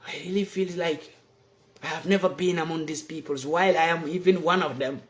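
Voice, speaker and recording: A man's voice: fairly high pitch, fairly even intonation, a bit bright, reverberant. A man from Africa giving a seated, impassioned monologue to the camera, emphatic and repetitive. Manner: emphatic and repetitive, preaching slowly. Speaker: video blogger. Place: seated indoors.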